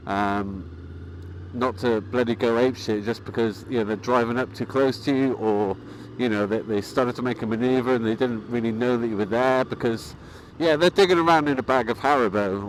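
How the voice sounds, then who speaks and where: A man in a casual vlog, speaking calmly and at an easy ramble, full of fillers and self-corrections. His voice sits at an ordinary male pitch. A faint wash of outdoor traffic noise lies under the recording. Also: poor audio. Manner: calm, rambling, with frequent fillers and restarts. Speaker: motorcycling vlogger.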